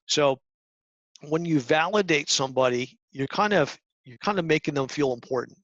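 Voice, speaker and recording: A middle-aged man giving a talk to high school students, coaching earnestly with restarts and acted-out examples. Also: moderate pace, a bit bright, no echo. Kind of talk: presentation talk. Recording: dull lo-fi sound.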